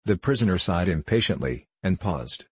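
A man narrating a classic novel in a steady, even-toned audiobook reading. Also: low voice, normal speed, husky, no room sound.

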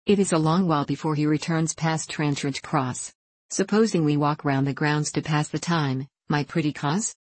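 A woman reading the part of a bold young gentleman who talks in a bland, coaxing way. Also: deep voice, fairly even intonation, moderate pace, husky, dry recording.

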